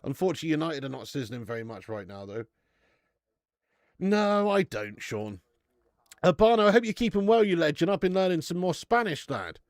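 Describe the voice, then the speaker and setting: His voice sits on the high side and is very animated, moving at a fairly quick clip. He's a man in his thirties hosting a live football watch-along, trading banter with chat and swearing casually. The recording is dry and studio quality.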